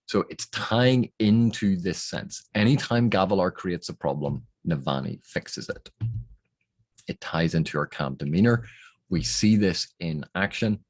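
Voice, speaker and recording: A man's voice: low-pitched, animated, measured pace, dry recording. A man explaining editing techniques on a novel's text, thinking aloud in a methodical way. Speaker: book reviewer.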